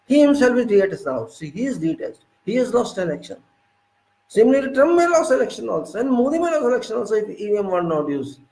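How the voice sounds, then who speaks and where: A man's voice: high-pitched, very animated, brisk, creaky, a little mellow, reverberant, poor audio. A man from India giving an emphatic, unscripted political monologue, firing off rhetorical questions. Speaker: political commentator.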